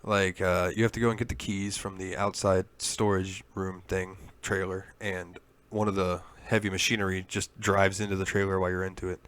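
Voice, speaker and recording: A man's voice: deep voice, flat delivery, normal speed, hardly any pauses, fairly bright tone. A man co-hosting a gaming podcast, telling a long story in casual chat and swearing freely. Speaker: podcast co-host.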